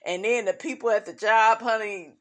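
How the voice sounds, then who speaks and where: A woman's voice: on the high side, steady tone, moderate pace. A woman chatting casually about a reality show, gossipy and blunt, laughing often and calling her listeners "honey" and "child.". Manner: blunt and profane. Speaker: reality TV commentary vlogger.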